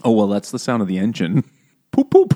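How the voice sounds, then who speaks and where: A man's voice: on the low side, a little fast, warm tone. A man co-hosting a podcast, joking crudely and playfully while recapping a book. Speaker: podcast co-host. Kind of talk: casual book discussion.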